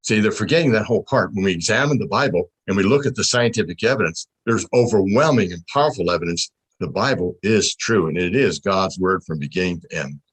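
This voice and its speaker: A man's voice: low voice, expressive, fairly quick, fairly bright tone, breathy edge, rough recording. A middle-aged man on a video call, explaining his points in a panel discussion and teaching through rhetorical questions. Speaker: panel speaker.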